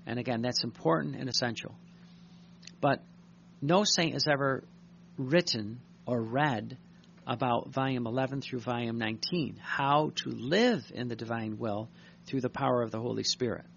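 A man's voice: medium pitch, vocal fry, a bit bright, dull audio, slight background noise. A male priest giving a sermon, reading a devotional text aloud and commenting on it in an earnest, repetitive way. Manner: earnest, repeats words, reads aloud slowly then tells stories.

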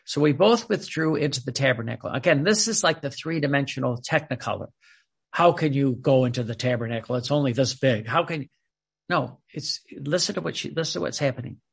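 A man's voice: medium pitch, fairly quick, creaky, husky. A man giving an informal sermon with readings, speaking emphatically and often restarting and repeating words. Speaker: preacher reading from a spiritual book.

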